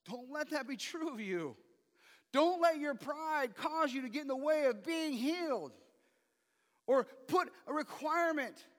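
A man preaching a sermon with a high, bright and forceful voice. He keeps asking his listeners pointed rhetorical questions. His words ring out with the long reverb of a hall. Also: lively intonation, unhurried. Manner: asks the audience many rhetorical questions. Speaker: pastor.

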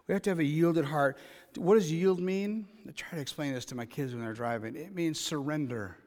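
A middle-aged man preaching a sermon, talking conversationally and building to loud, emphatic passages. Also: fairly high pitch, fairly quick. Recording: long reverb in a large hall.

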